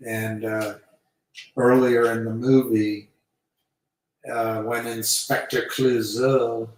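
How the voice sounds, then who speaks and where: Guy rambling slowly on a live stream, lots of ums, far from the mic in a very echoey room. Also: medium pitch. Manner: rambling, hesitant, many fillers. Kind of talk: casual rambling talk.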